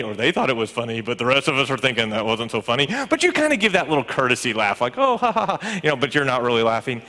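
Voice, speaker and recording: A middle-aged man preaching a conversational sermon, animated and acting out little quoted reactions. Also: mid-range voice. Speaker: pastor and college professor. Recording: long reverb of a large hall.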